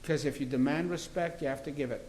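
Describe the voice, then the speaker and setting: A man with a slightly high voice and a faint hiss behind him makes his case in an interview. He is a criminal defence lawyer, and he talks in an assertive, argumentative, emphatic way. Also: fast talker, a little mellow, rough recording. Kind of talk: interview conversation.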